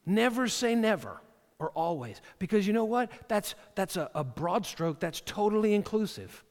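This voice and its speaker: Male pastor, sermon, casual repeated-word delivery, slightly high voice, long hall reverb. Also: sing-song, moderate pace, a little mellow. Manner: conversational, repeats words at the start of phrases.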